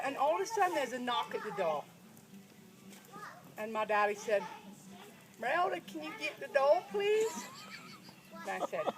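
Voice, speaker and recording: A woman playing a folksy, plainspoken rural storyteller, telling a comic tale with drawling, giggling asides. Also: high voice. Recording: noisy recording.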